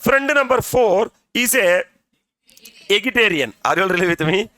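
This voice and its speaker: Lecturing a class at normal speed, a middle-aged tutor for the CA exam uses a high, expressive, bright voice with a forceful edge, recorded with no room sound. He illustrates points with stories, chats freely, repeatedly checks "are you with me," and often says "sir."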